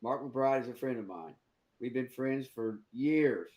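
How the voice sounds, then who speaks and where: A man's voice: medium pitch, unhurried, darkish tone. A man, co-hosting a political talk show, speaking plainly and firmly in short statements. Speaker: co-host.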